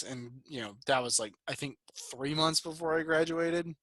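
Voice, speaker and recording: A man in his twenties co-hosts a podcast over a video call, rambling casually through loose stories and swearing freely. His voice is medium-pitched and a bit bright, with a steady tone at normal speed. The recording is dry.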